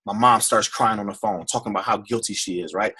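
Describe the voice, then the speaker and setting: A man's voice: fairly low pitch, fast talker, bright, forceful tone, husky. A man giving an emotional personal testimony to a group on a call, often repeating and restarting his phrases. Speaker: speaker on a team call.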